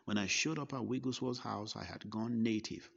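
A man slowly recounting a personal story, first person. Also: fairly low pitch, creaky, fairly bright tone. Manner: slow, deliberate recollection with quoted dialogue. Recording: dull lo-fi recording.

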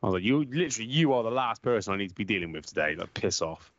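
A young man co-hosting a casual football podcast, swearing freely and telling animated stories full of banter. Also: lowish voice, rapid-fire, dry recording, dull audio. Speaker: podcast co-host.

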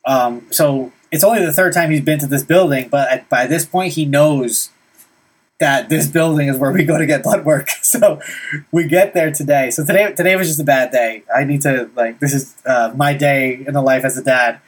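A man's voice: a little high, normal speed. A young man telling a story about his son in casual, rambling talk, full of "like" and "right?". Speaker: vlogger dad.

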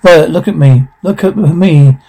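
A man's voice: on the high side, creaky, dark tone, breathy edge. A man reading a stern psychiatrist father. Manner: halting, restarting phrases.

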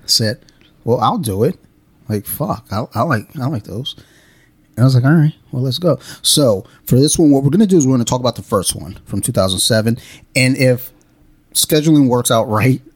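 A male podcast host talking in a loose, profane, animated storytelling way. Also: on the low side, dry recording. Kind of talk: casual podcast chat.

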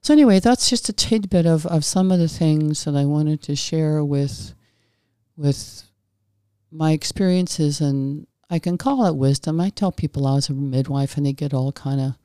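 A middle-aged woman, a former midwife hosting a podcast, talks in a meandering, folksy way, restarting her sentences as she shares stories and gentle reassurance. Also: low voice, moderate pace, no echo, clean studio sound. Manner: meandering, frequent restarts and self-corrections. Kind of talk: casual podcast monologue with anecdotes.

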